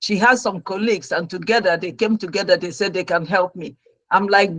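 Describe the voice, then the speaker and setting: A middle-aged woman, a registered nurse, telling her own story as a talk show guest with lively, dramatic delivery. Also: on the low side, fairly quick, no echo, poor audio. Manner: animated storyteller who acts out her own past reactions.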